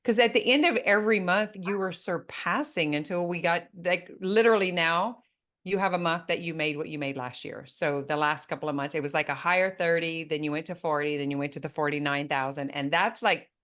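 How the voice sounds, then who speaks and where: A woman's voice: sits low, brisk. A woman hosting a business interview, speaking emphatically and turning to address the listeners as a coach. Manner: animated, emphatic, talks directly to listeners. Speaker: business coach and podcast host.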